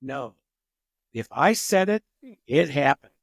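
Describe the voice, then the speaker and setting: An older man, a psychologist guest on a podcast, explaining parenting with lively acted-out examples. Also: mid-range voice, slow pace, vocal fry, no room sound. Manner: animated storyteller who acts out examples. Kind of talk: podcast interview.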